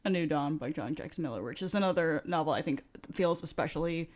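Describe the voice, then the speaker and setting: A woman's voice: low-pitched, fast, a little mellow. A woman co-hosting a podcast, chatting casually with lots of ums and easy laughter. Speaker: podcast co-host. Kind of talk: casual chat.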